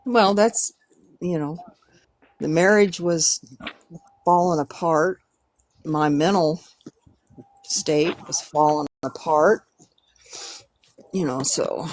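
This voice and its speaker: A woman's voice: low voice, slow pace, long pauses, no echo. A middle-aged woman talking candidly in casual chat on a livestream. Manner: candid, laughing while talking.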